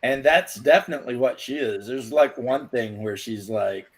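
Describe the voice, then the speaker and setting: A husky-voiced man chatting casually on a podcast. He rambles from story to story with crude jokes. He laughs at his own punchlines. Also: mid-range voice, normal speed. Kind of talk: casual chat.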